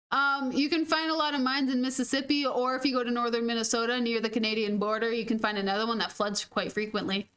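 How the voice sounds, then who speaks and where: A woman's voice: fairly high pitch, little pitch movement, fairly quick, a bit bright. A woman streaming a game, chatting casually and rambling with frequent giggles and slangy words like 'dude' and 'freaking'. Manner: giggly and rambling, laughing often. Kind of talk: casual gaming stream chat.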